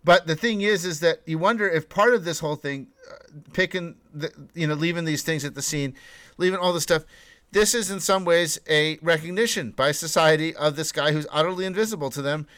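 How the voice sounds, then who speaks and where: Higher-voiced man in a dry, rambling podcast chat. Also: brisk, fairly bright tone, clear, resonant tone, dry recording. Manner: rambling, many restarts, laughs while talking. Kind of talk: casual podcast discussion.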